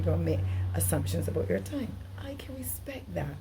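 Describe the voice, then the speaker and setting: A woman's voice: fairly low pitch, big pitch swings, normal speed, very noisy. A middle-aged woman giving an earnest, emphatic relationship workshop talk, often acting out dialogue. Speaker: relationship coach.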